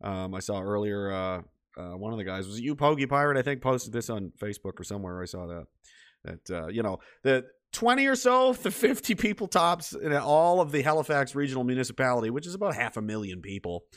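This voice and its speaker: Man host, from Nova Scotia; loose, profane comment-reading chat, animated pitch. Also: fairly quick. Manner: profane, rambling, laughs often.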